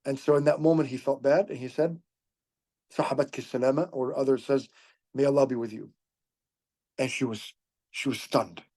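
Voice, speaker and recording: Animated male storyteller, mellow voice. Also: mid-range voice, moderate pace, pauses often. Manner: animated retelling that acts out quoted dialogue; frequent restarts and repeated words. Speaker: podcast host teaching religious history. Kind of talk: storytelling lecture.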